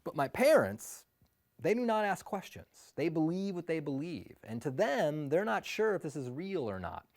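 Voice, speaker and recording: A man's voice: on the high side, big pitch swings, moderate pace. A man from Illinois telling a funny personal story with wry, self-mocking asides. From Illinois, USA.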